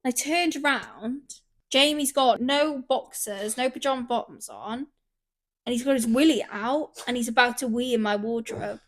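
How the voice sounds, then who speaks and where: A woman hosting a podcast, chatting casually and acting out her stories loudly. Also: on the high side, moderate pace. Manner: animated storyteller, swears, acts out quotes loudly. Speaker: podcast host. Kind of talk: casual chat.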